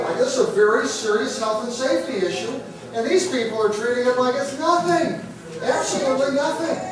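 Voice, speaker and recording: A man giving an animated, indignant speech, telling a story to a meeting audience. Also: sits high. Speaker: political speaker. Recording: roomy hall from far off, crowd. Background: crowd.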